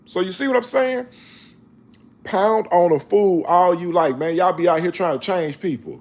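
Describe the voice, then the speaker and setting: A man, reading scripture slowly and then talking about it in a casual, emphatic preaching way. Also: high-pitched. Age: 40s. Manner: slow measured reading, then animated, emphatic street-talk commentary. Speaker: online Bible reader and commentator.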